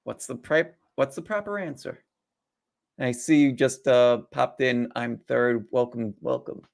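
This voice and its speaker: A man's voice: mid-range voice, expressive, measured pace, vocal fry, a little mellow. A man hosting a live trading stream, chatty and casual, asking rhetorical questions and greeting viewers as they join.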